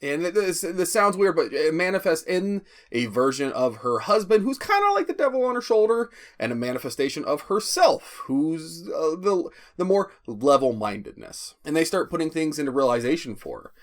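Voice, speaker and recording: A man's voice: fairly high pitch, sing-song, normal speed, few pauses. Casual, profane male movie reviewer. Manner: rambling, profane, stammering restarts. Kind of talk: casual spoken film review.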